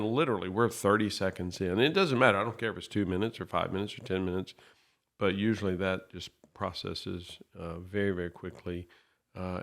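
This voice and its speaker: A man co-hosting a podcast, explaining his thoughts in a thoughtful, measured way. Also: deep voice, creaky. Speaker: podcast co-host. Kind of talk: reflective podcast conversation.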